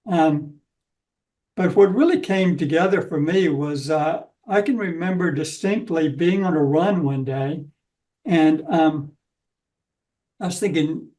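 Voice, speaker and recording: A man's voice: fairly high pitch, slow pace, dark tone, distant mic, poor audio. A man in his seventies from Georgia, a guest author answering interview questions in a reflective, hesitant way. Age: 70s. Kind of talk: casual interview talk.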